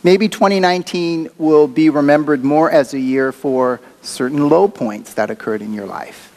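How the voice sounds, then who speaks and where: A man's voice: fairly high pitch, normal speed, a little mellow. A man preaching a sermon as a pastor, talking in a conversational, reflective way with occasional fillers.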